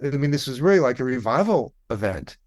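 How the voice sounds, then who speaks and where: A man's voice: medium pitch, sing-song, brisk, darkish tone. A man in his sixties, a podcast guest, telling a story in a wry, conversational way and swearing now and then. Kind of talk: casual anecdotal storytelling.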